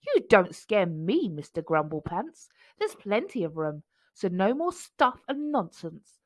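A woman reading aloud and voicing a small, brave, cheerful male mouse who speaks in a squeaky, excited way. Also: unhurried, no room sound. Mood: cheerful, firm.

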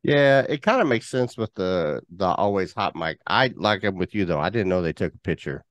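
Man, podcast co-host, laid-back, deep voice, dry close mic. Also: expressive, normal speed, no room sound. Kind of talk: casual podcast chat.

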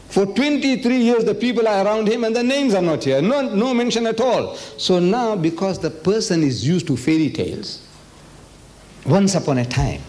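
A man's voice: high voice, a little mellow. A man from Africa, giving a religious lecture in a hall and pressing the audience with rhetorical questions. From South Africa. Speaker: Islamic lecturer.

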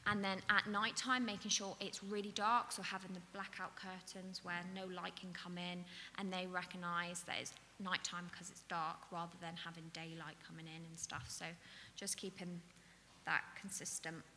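At an event hall, a dementia care trainer gives an awareness talk to an audience in a lowish, bright, forceful voice with a level tone and moderate pace. She explains patiently, often saying "um" and "so," and the hall echoes with a faint hiss.

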